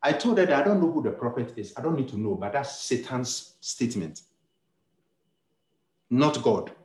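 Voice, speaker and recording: A male pastor preaches a sermon in a medium-pitched, sing-song voice with a darkish tone and moderate pace, his words echoing around the room. He tells stories and acts out the dialogue, often repeating words and restarting.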